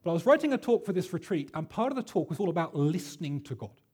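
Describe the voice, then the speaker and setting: A man preaching a sermon, his voice slightly husky and pitched a touch high. He talks in a chatty, storytelling way, full of ums and ahs, and pokes gentle fun at himself. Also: sing-song, quick pace. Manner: chatty, self-deprecating storyteller with many fillers. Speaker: pastor.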